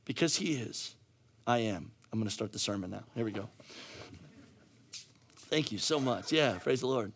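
A middle-aged male pastor preaching a sermon with a hoarse, worn voice, swinging from casual asides to fired-up, near-shouted emphasis. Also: lowish voice, moderate pace, pauses often. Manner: energetic, rising to near-shouting, conversational asides. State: hoarse, losing his voice.

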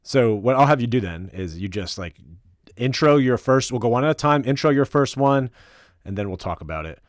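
A man hosting a podcast in casual chat, relaxed and joking, with many fillers and restarts. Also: medium pitch, fairly quick, dry recording, clean studio sound. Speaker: podcast host.

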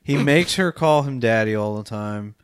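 A man's voice: medium pitch, moderate pace, clear, resonant tone, no echo, studio quality. A man co-hosting a podcast, casually recapping a film, laughing often and swearing as he acts out scenes. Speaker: podcast co-host. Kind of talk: casual movie-review chat.

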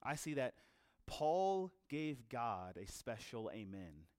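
A male pastor preaching a sermon, telling a story with lively energy and acting out the characters he quotes. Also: mid-range voice, slow, no room sound, clean studio sound.

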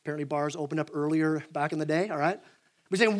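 A young male pastor preaches a sermon animatedly, talking fast in a high-sitting voice. He restarts often and acts out quotes as he goes.

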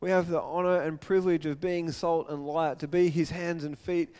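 A man with a notably high voice delivering a sermon as pastor. He speaks earnestly and retells the story with feeling, moving between narration and acted-out quotes. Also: fairly even intonation, normal speed, a little mellow, clear, resonant tone.

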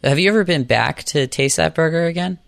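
A man hosting a podcast interview, asking questions in a gentle, friendly way. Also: on the high side, fairly quick, vocal fry, no echo, studio quality. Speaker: podcast host.

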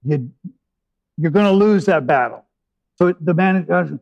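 A man delivers a sermon, retelling the old story in his own words. His voice sits a little high for a man, and he slows down on key phrases with pauses before stepping out to explain. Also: animated, gravelly, a little mellow, lo-fi sound. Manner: retells scripture with dramatic pauses and asides. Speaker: preacher.

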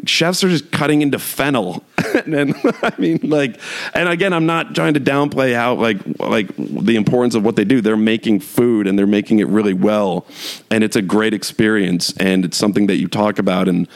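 A man's voice: fairly low pitch, normal speed, vocal fry. A young man chatting casually and ranting with exasperation, full of fillers and restarts, laughing as he talks. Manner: rambling, lots of "like" fillers and restarts, laughs while talking; mocking, exasperated rant. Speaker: podcast host. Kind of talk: casual solo chat.

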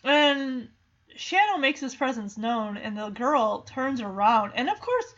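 A woman's voice: a little high, very animated, a little slow, a bit bright. A woman casually retelling a movie in a chatty, emotional way with lots of fillers. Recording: dull lo-fi recording.

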